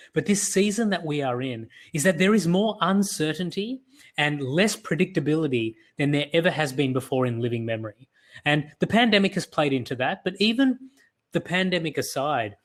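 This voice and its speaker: A man with an Australian accent giving a virtual conference talk, telling stories in an earnest way. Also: fairly high pitch. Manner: earnest, storytelling delivery. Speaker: conference speaker.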